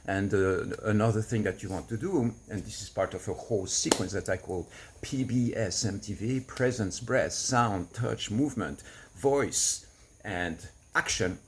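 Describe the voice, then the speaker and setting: A man with a lowish voice teaching as a relationship coach. He explains in an earnest, patient way and lets small soft laughs slip in. A faint hum of room noise sits behind him. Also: measured pace. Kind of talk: teaching to camera.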